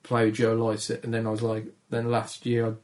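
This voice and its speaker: A man with a Black Country accent and a gravelly voice talks quietly in a casual podcast conversation. His manner is shy and low-key, and he is quick to put himself down. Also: completely flat delivery. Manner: low-energy, shy, self-deprecating. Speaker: comedian guest.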